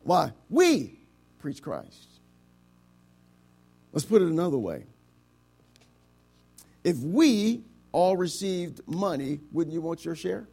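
Pastor, male, high-pitched, emphatic sermon delivery that drops to a hush and drags out key words. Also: animated, measured pace, creaky, long pauses. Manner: emphatic, swings from loud to hushed, stretches key words; addresses the congregation with rhetorical questions.

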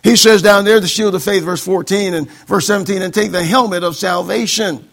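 High, gravelly-voiced preaching man. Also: fairly quick, fairly bright tone. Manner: call-and-response preaching, quoting scripture, mocking excuses in voices. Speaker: pastor. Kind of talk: sermon.

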